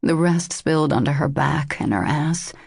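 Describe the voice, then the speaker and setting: Brief: woman audiobook narrator, low gravelly voice, intimate romance reading. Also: normal speed, darkish tone, no room sound, studio quality.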